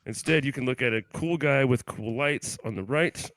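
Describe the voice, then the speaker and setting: A man co-hosting a comedy podcast over a remote call, mock-aggressive and crude, swinging from low mumbles to loud hype greetings. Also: normal speed, dry recording. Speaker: podcast co-host. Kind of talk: casual comedic banter.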